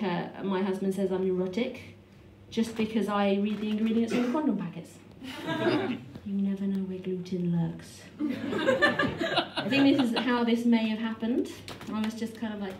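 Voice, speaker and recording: A woman's voice: mid-range voice, animated. Dry woman doing stand-up. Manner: dry, self-deprecating delivery with quick restarts. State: heavily pregnant. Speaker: stand-up comedian. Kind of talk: stand-up comedy set. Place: small comedy club stage. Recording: echoey club room from far off, noisy.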